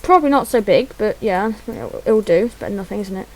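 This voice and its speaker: A woman's voice: medium pitch, expressive, fast talker, poor audio. A woman giving chatty, self-deprecating gameplay commentary, muttering to herself as she fumbles through menus. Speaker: gaming channel host.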